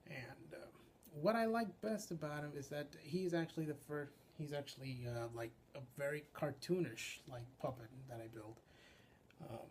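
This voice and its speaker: A young man talks through his puppet work in a loose, unscripted way, stopping and restarting sentences with plenty of filler sounds. His voice sits at an ordinary middle pitch for a man. A faint background noise runs under the recording. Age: young adult. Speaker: puppeteer and voice actor. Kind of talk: informal explanation to camera.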